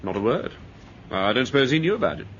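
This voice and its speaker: A touchy, bitter English ex-soldier. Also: male voice, mid-range voice, big pitch swings, fairly bright tone, slight background noise. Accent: upper-class English. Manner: edgy, resentful, quick to flare up. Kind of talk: 1930s-style radio drama acting. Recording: dull old radio recording.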